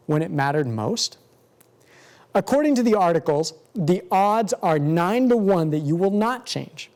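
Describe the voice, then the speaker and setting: An earnest male pastor delivering Bible teaching in a mellow, warm voice. He speaks in a measured way and slows down to stress key words. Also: a little high. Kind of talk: sermon-style Bible teaching.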